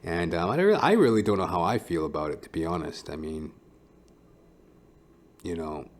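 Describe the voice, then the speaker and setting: A man's voice: low voice, lively intonation, normal speed. A man who is a stand-up comedian, hosting his own podcast in a blunt, profane, rambling monologue.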